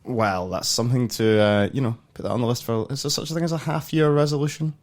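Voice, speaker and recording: A man's voice: mid-range voice, fast talker. A man hosting a film podcast, joking dryly and moving the chat along to the reviews. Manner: dry, joking, moves the talk along. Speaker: podcast host.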